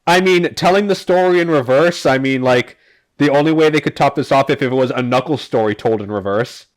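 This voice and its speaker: A man's voice: mid-range voice, fairly quick. A man hosting a casual podcast, recapping comics in a rambling, filler-heavy way with the odd swear. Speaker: podcast host.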